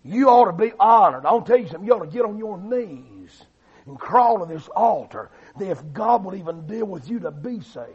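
A man preaching a fiery revival sermon, swinging between loud shouting and low, quiet delivery. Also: animated, brisk, husky. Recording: dull lo-fi recording.

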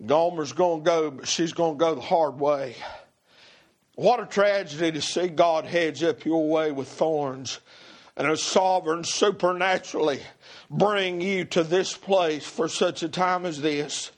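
A male pastor, preaching a fiery sermon in church and swinging between shouting and hushed pleading. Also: a little high, measured pace. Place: church sanctuary before a congregation.

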